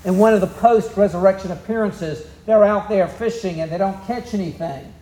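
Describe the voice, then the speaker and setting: A man's voice: high-pitched, normal speed, dark tone, roomy sound. A man with a Southern US accent preaching a sermon, telling the story in a folksy, easygoing way. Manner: folksy storytelling, drawling asides. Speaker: pastor.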